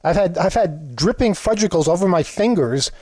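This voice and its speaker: Higher-voiced man, playfully indignant host. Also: expressive, normal speed, darkish tone, breathy edge, no room sound. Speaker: show host. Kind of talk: casual comedic chat.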